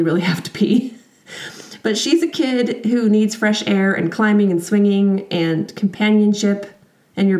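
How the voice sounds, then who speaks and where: A chatty woman tells a personal story in a frank, self-deprecating way. Her voice sits a little low. The recording carries a roomy echo. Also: a little mellow. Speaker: podcast host and mother.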